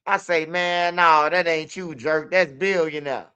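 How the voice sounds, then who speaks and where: A man's voice: on the high side, fairly even intonation, measured pace, pushed and bright, smooth. A young man with a Chicago accent telling street stories in loose, profane casual talk. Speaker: interviewee. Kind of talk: casual storytelling.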